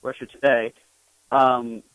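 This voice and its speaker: A young man, a journalist guest, talking in an interview in a halting way with many restarts. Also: medium pitch, flat delivery, a bit bright, no room sound, poor audio. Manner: hesitant, full of restarts. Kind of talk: interview conversation.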